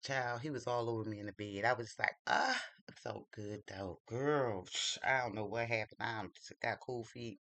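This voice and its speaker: A man's voice: medium pitch, moderate pace, bright, forceful tone, no room sound. A man vlogging at home while doing his makeup, telling a dating story in a gossipy, confiding way. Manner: gossipy and confiding, drawls "child" often. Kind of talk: casual storytelling chat.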